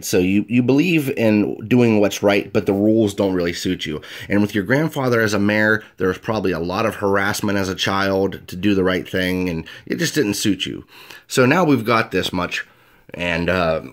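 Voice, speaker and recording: A man, a game master, hosting a casual tutorial and explaining tabletop role-play in a chatty way. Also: sits low. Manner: chatty and explanatory, with frequent fillers. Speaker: game master and video host.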